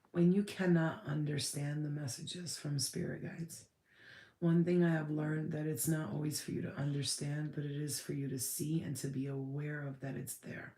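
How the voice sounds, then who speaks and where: A woman's voice: low voice, little pitch movement, moderate pace, warm tone, roomy sound. A woman giving a casual channeled spirit reading, rambling and blunt, swearing freely.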